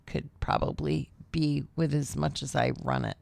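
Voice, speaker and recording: A woman's voice: low-pitched, fairly even intonation, normal speed, creaky, darkish tone, no room sound. A woman co-hosting a casual morning talk show, chatty and blunt with many fillers. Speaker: radio co-host. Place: studio.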